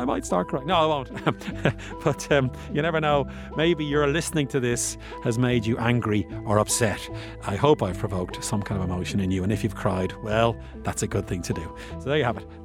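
Man hosting a chatty science podcast. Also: medium pitch. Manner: conversational, musing, self-deprecating asides. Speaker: podcast host. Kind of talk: casual science explainer.

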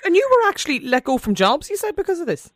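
A woman's voice: sits high, sing-song, fast talker, dry recording. Irish woman, phone-in host, reads texts and nudges callers along, dry close mic. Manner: reads listener texts, short prompts. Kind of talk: radio phone-in chat.

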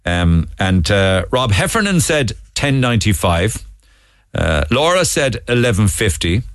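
A man hosting a radio show, reading out listener messages and menu prices in a lively way. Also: on the low side, measured pace, dry recording, clean studio sound, soft background music. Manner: animated, reads listener messages and menu lists aloud. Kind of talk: casual radio chat. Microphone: studio microphone.

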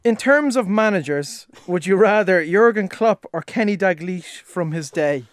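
Young irish guy hosting a podcast, kinda high voice, dry close sound, laughs a lot. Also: lively intonation, normal speed, no room sound. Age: young adult. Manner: chatty, laughs easily. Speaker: podcast host. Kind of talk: casual chat.

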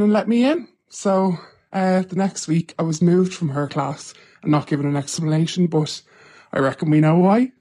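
Female listener voice note, warm mellow tone, lively anecdote. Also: deep voice, moderate pace. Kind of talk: storytelling voice note.

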